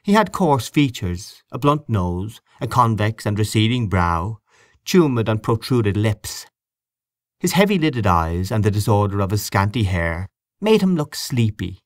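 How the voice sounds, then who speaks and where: Expressive low-voiced male storyteller. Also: a little slow, dry recording, studio quality. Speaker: narrator. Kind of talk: audiobook reading of literary fiction.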